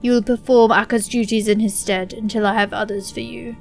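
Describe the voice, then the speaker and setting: Woman doing a high-pitched but menacing old male wizard lord, barking orders over faint game music. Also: fairly even intonation, a little fast, gravelly. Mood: stern. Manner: loud, commanding, menacing.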